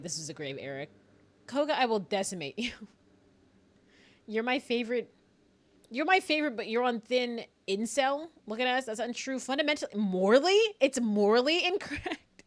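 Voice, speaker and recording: Woman streamer chatting live over a game, laughs a lot, swears, pitch jumps all over. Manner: playful, laughing, swearing, bantering with chat.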